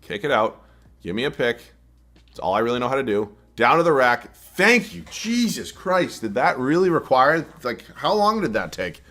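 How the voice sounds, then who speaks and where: A man's voice: medium pitch, sing-song, normal speed, pushed and bright. A young man commenting live on his own basketball video game, self-deprecating and prone to frustrated, swearing outbursts. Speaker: gaming YouTuber.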